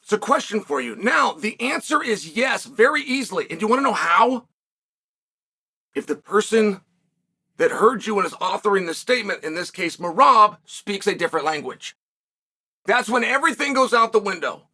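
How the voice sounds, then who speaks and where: A man's voice: sits high, lively intonation, normal speed, pushed and bright, husky. A man hosting a solo sports commentary show, talking emphatically, asking rhetorical questions and sometimes raising his voice. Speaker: combat sports commentator host.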